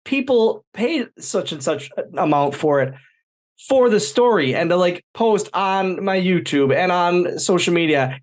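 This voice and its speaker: Male host, relaxed, agreeable, casual conversational delivery. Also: high voice, measured pace. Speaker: podcast host. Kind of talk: casual chat.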